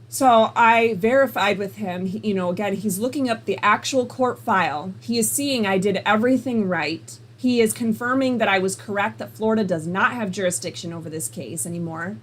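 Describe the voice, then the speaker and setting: A woman hosting a call-in show, telling a personal story in a casual, animated way and acting out both sides of the conversations. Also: mid-range voice, normal speed. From United States. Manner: animated, retells conversations in quoted dialogue.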